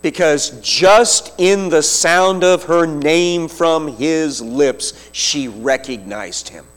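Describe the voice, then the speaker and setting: Man, preacher, slightly high voice, vivid storytelling, deliberate phrasing. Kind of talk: sermon retelling a scripture story.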